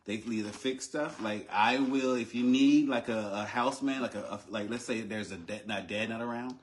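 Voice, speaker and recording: A man from North Carolina, a guest on a chat show, joking in a halting, laid-back way. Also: mid-range voice. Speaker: guest comedian. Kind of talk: casual chat.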